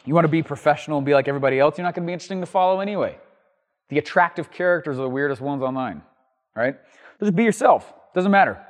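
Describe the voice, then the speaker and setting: A man hosting a show and teaching entrepreneurs, telling an energetic, rambling story to the camera with plenty of ums and restarts. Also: on the high side, rapid-fire, big-room sound. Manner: writes on a board while talking.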